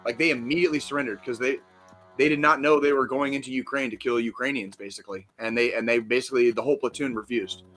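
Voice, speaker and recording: Brash, profane man with a bright voice. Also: medium pitch, steady tone, quick pace, soft background music. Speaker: podcast co-host. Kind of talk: casual chat.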